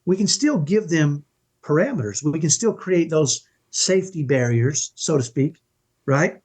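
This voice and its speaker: A middle-aged man with a somewhat high, husky voice talks as a guest in a conversational interview. He speaks earnestly and with emphasis, often checking in with the listener. His tone is that of a parenting coach explaining a point. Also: lively intonation, measured pace, a little mellow. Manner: emphatic, earnest, keeps asking "right?".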